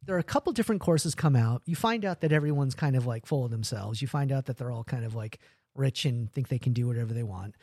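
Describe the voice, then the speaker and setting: A man's voice: mid-range voice, lively intonation, fast talker, a little mellow, dry recording, clean studio sound. A man chatting casually about a film, rambling with many fillers and acting out characters' lines. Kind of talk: casual movie recap chat.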